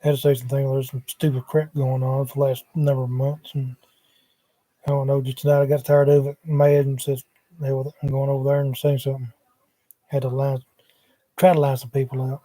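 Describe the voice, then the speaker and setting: A man's voice: mid-range voice, little pitch movement, fairly quick, mellow, dry recording. A man, rambling casually on a livestream from his couch at home, talking into a laptop microphone in a drawling, wandering way with muttered asides.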